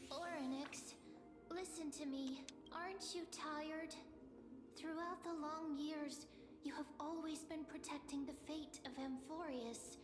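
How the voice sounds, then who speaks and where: A woman's voice: high voice, steady tone, takes it slowly. Sweet young girl guide. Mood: tender. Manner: gentle, earnest, softly encouraging. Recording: echoey game audio with loud music.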